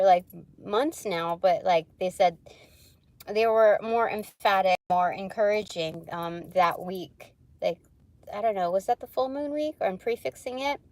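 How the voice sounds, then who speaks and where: A woman's voice: fairly high pitch, a little mellow. A woman hosting a casual spiritual live stream, rambling with many fillers and frequent giggles. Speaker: spiritual livestream host. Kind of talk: casual live tarot chat.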